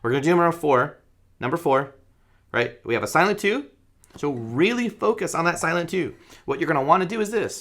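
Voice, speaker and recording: A man's voice: fairly high pitch, expressive, brisk, pushed and bright. A man teaching a guitar rhythm lesson in a casual, joking way, counting beats aloud while he strums.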